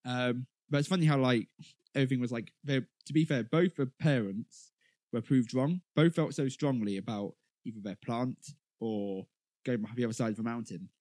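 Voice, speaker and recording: A man talks casually about an animated film as a podcast co-host, slipping in dry, wry jokes. His pitch sits in the middle range. The sound is close and dry. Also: moderate pace, no echo. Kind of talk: casual film review chat.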